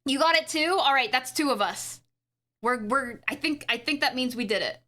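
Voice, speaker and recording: A woman streaming live, chatting casually to her viewers in an excitable, rambling way with frequent giggles. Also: high voice, moderate pace. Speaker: streamer and animator. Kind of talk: casual livestream chat.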